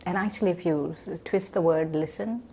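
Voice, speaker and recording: A woman in a gentle, thoughtful conversation about listening and meditation. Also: fairly low pitch, brisk, vocal fry, slight background noise. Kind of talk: reflective conversation.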